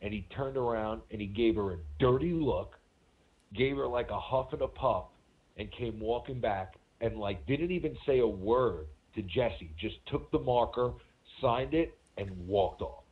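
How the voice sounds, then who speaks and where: A man co-hosting a sports podcast, telling stories in casual, animated chat and swearing now and then. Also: medium pitch, a little slow. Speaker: podcast co-host. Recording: phone-like narrow sound.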